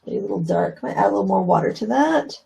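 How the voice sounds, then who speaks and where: A woman's voice: mid-range voice, animated, fast talker, gravelly, dark tone, rough recording. A woman teaching watercolor painting on a live stream, chatting casually and explaining as she paints, with plenty of fillers. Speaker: watercolor instructor.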